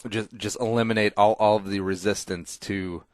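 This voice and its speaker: A man's voice: lowish voice, fairly even intonation, normal speed, no room sound. A man hosting a casual podcast, opinionated and emphatic, rambling and swearing freely, on a close studio mic. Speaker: podcast host.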